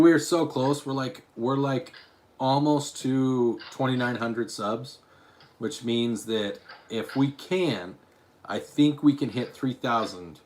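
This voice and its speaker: A man from Utah chatting on a live stream, reading his chat aloud and rambling through restarts and asides. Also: medium pitch. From Utah, USA.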